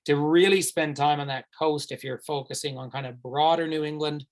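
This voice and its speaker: A man's voice: fairly high pitch, steady tone, fairly quick. A man who guides tours, answering viewer questions live in a chatty, rambling way with many fillers and restarts. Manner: enthusiastic, recommends warmly. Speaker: tour guide hosting a virtual tour.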